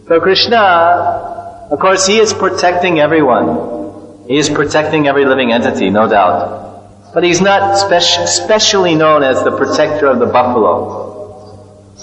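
A man's voice: fairly high pitch, a bit bright. A man giving a scripture lecture, telling stories and acting out sounds and voices along the way. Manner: storytelling, acts out sounds and voices. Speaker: spiritual teacher. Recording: echoey hall, dull lo-fi sound.

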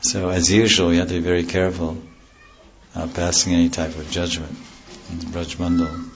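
A man's voice: sits low, level tone, normal speed, lo-fi sound, faint music behind. A man teaching a devotional class as a spiritual teacher, wandering into stories and then explaining scripture terms in plain words. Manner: rambling, digresses into stories and loses the thread.

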